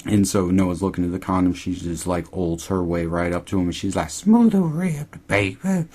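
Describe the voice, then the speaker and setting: A man casually recapping a TV episode, rambling and swearing, quoting characters in high mocking voices. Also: monotone, fairly quick, a little mellow. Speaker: podcast host recapping a TV episode. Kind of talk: casual chat.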